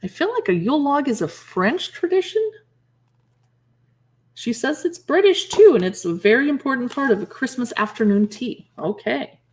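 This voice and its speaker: A woman's voice: a little high, sing-song, brisk, hardly any pauses, breathy edge. A woman hosting a live shopping stream, casually reading dish names from a cookbook aloud and reacting to each with short remarks. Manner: greets viewers and answers chat comments. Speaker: livestream shopping host. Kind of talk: casual livestream chat, reading recipe titles.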